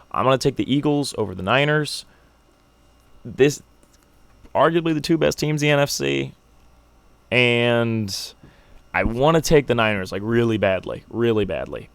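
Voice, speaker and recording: A man's voice: on the low side, a bit bright, dry recording. A young man hosting a solo sports podcast, making brash, joking predictions like a hyped-up fan. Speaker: podcast host.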